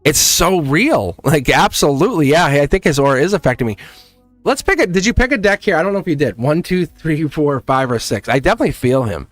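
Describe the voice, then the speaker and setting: A man's voice: on the high side, expressive, a little fast, no echo, soft background music. Rambling, laughing man hosting a tarot stream. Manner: rambling, laughs often, says "like" constantly. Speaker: tarot reader and livestream host. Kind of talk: casual livestream chat.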